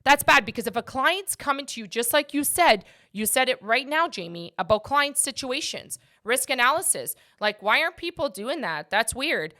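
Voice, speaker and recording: Bright, forceful woman podcast host. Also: high voice, very animated, moderate pace, few pauses. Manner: emphatic, passionate, talks to listeners directly. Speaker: podcast host and mortgage agent. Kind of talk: casual podcast chat.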